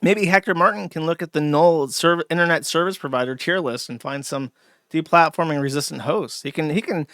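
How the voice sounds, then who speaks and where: A man's voice: a little high, brisk, fairly bright tone, no echo. A man hosting a livestream, rambling through crude, sardonic commentary with lots of fillers, close to a desk mic. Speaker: streamer and host.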